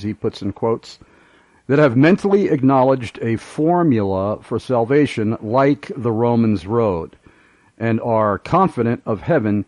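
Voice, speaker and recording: A man's voice: mid-range voice, a little mellow, no echo. A man from New York hosting a radio call-in show, reading listener questions aloud and stumbling over repeated words.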